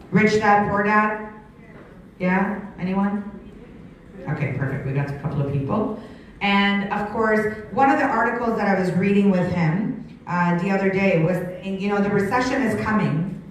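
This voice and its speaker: A woman in her sixties, giving an energetic business pitch to a live audience on a handheld mic, her voice strained from shouting. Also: recorded from a distance, slight background noise. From Canada. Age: 60s. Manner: energetic, rapid questions to the crowd. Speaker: sales presenter. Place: large room with an audience. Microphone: handheld microphone. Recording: very echoey hall, mic from afar.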